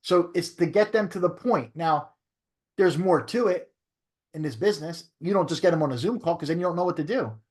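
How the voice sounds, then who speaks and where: Man, real estate trainer, somewhat high voice, coaching tone, keeps asking "right?". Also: lively intonation, fairly quick, a little mellow. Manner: coaching, repeats "right?" to check understanding. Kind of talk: training class talk.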